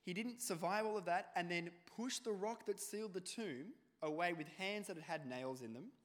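A male preacher, delivering a sermon with animated storytelling and acted-out quotes. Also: high voice, normal speed. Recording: long hall reverb.

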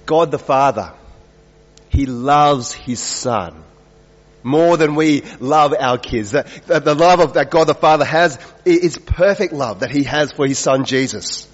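A male preacher delivering an earnest sermon, pressing his points with rhetorical questions and dropping to slow, quiet lines. His voice carries the long reverb of a large hall. The sound is a little dull and muffled. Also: medium pitch. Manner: earnest, rising and falling emphasis with rhetorical questions.

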